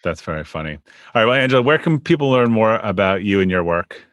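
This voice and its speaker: A man's voice: fairly low pitch, fairly quick, no echo, clean studio sound. A man hosting an interview podcast, speaking easily and often repeating his words as he goes. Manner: relaxed, stammers and repeats words. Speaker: podcast host.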